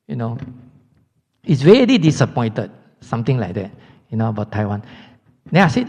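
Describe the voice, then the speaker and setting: A man's voice: medium pitch, very animated, normal speed, pauses often, darkish tone. A man with a Singaporean English accent teaching a Buddhist dharma class, chatty and throwing rhetorical questions at the class. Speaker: Buddhist monk lecturer. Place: lecture hall. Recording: dull lo-fi hall recording.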